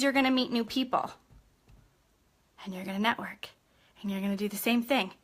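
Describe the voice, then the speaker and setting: A woman's voice: on the high side, pushed and bright. A young woman giving an upbeat live-streamed coaching talk as a sales team trainer, chatty and constantly checking in with her listeners.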